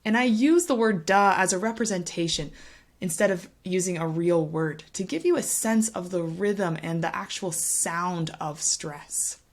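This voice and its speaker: A woman teaching English pronunciation to camera, speaking clearly and patiently and tapping out rhythms to demonstrate. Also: on the low side, a little slow. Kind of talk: explaining a language lesson to camera.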